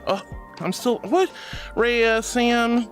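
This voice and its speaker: A woman's voice: a little high, steady tone, drawn-out words, faint music behind. A woman streaming from home, chatting casually with her viewers in a bubbly, affectionate, giggly way. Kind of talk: casual livestream chat reading comments.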